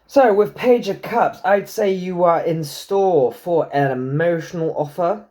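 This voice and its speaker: A man giving a casual tarot reading to camera, swearing freely and joking with himself. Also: measured pace. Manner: chatty, swears freely, jokes to himself, talks back to the universe; lively pitch, swoops high into silly put-on voices. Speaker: tarot and numerology reader.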